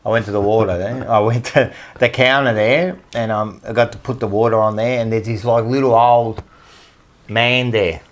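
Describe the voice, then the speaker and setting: A man's voice: medium pitch, steady tone, moderate pace. A man, co-hosting a casual podcast chat and telling rambling, swear-heavy stories. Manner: rambling anecdotal storyteller, swears freely. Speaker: podcast co-host.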